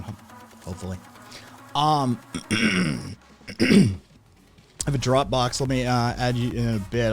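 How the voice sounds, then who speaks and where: A man talks loosely to his live chat, rambling, repeating himself and swearing freely. His voice sits at an ordinary middle pitch. Faint music plays underneath. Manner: profane, rambling, animated. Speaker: podcast host. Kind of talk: casual livestream chat, reading chat.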